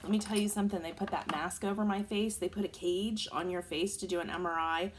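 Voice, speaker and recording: A woman in her forties chatting to the camera, telling a long personal story in an animated, casual way. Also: fairly low pitch, a little fast, background noise. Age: 40s. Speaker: vlogger.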